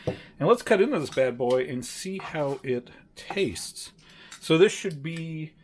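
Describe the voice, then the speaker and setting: A man's voice: fairly high pitch, expressive, slow. A man casually narrating his home cooking, chatty and rambling, correcting himself often with plenty of fillers. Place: home kitchen.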